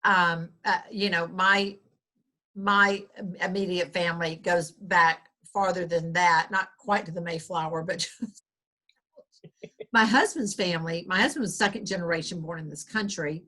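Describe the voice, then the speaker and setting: A woman's voice: on the low side, steady tone, normal speed, pushed and bright. Earnest Southern US woman guest. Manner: earnest, rambling with many restarts. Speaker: guest author. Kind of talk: conversational interview.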